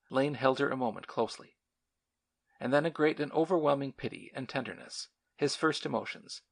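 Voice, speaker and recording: A man reads a classic novel aloud in measured, dramatic narration. His voice sits at a middle pitch with a noticeable gravelly texture. The delivery is steady and paced for storytelling. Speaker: audiobook narrator. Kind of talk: scripted narration.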